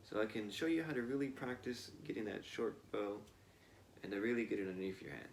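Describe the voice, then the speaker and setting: A man teaching a cello piece in a relaxed, casual way, pausing with fillers and counting rhythms aloud. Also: mid-range voice, creaky, a little hiss or hum. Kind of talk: casual instructional talk. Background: cello playing between explanations.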